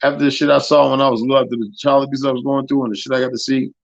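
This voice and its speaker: A man hosting a live stream, telling stories in a profane, animated way that swings from loud to soft. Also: mid-range voice, rapid-fire, creaky, no echo, dull audio. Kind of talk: casual storytelling chat.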